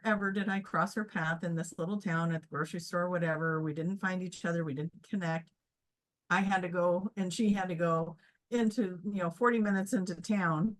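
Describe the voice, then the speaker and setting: Woman, lowish voice, casual conversation, earnest, reflective. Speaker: QHHT practitioner, co-host. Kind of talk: casual chat, storytelling.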